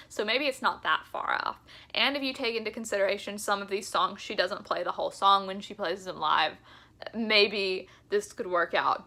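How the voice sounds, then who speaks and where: A young woman vlogging in a casual, enthusiastic chat to camera, talking fast and laughing often. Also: medium pitch, bright, forceful tone. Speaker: music vlogger.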